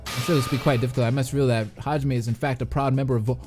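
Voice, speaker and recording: A man voicing a scheming young male student who speaks in a measured, formal way, low and unhurried. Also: fairly even intonation, a little mellow, soft background music, lightly acted. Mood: calm, assured.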